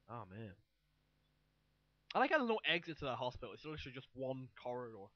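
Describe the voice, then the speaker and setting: Young dude doing game commentary, swears a lot, muffled home mic. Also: male voice, mid-range voice, sing-song, dry recording. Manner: casual, swearing, quick asides. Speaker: let's play gamer.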